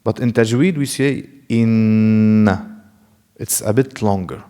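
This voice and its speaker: A man with a medium-pitched, darkish voice leads a Quran recitation class. Asking and then answering his own questions, he walks through Arabic sounds slowly and one step at a time.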